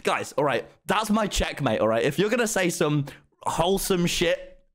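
A man streaming a game live, excitable and swearing, talking back to his chat. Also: on the high side, moderate pace. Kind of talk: live gameplay commentary.

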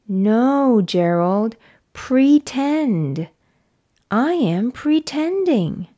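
A woman voicing a cheerful, playful girl pig in a slow, lively children's picture book read-aloud. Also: on the high side, exaggerated voice. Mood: reassuring.

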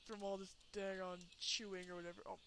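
A woman giving let's play commentary, excitable, laughing and shrieking, cursing at the game. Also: mid-range voice, a little fast, creaky, a little hiss or hum. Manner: swears and exclaims at the game. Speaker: gameplay commentator.

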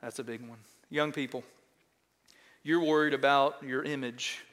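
A middle-aged pastor with a Texan accent, preaching a sermon and telling a self-mocking story in an animated way, often checking in with "right?". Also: male voice, mid-range voice, a little slow. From Texas. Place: large church sanctuary. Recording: long church hall reverb.

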